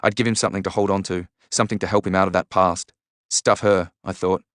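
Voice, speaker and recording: Guy reading an audiobook in first person, really low voice, dry close mic. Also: steady tone, quick pace, a bit bright, no echo. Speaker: audiobook narrator.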